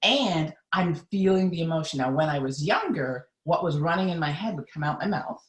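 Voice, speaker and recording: A woman with a slightly low voice coaches her viewers on a live stream. She speaks earnestly and with emphasis, addressing them directly. Her voice carries a roomy echo. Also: normal speed. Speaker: mindset coach.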